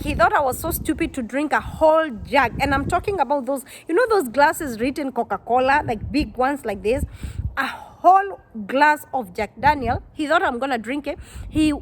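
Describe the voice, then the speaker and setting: A woman, a vlogger telling a personal story to her viewers, animated and exclaiming, quoting people in dialogue. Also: sits high, slight background noise. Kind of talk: storytime vlog.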